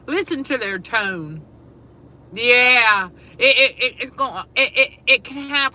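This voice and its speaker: A woman's voice: sits high, lively intonation, normal speed, sharp tone, poor audio. A woman hosting a casual spiritual talk livestream, emphatic and repetitive, who laughs often. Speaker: show host. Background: air conditioner hum.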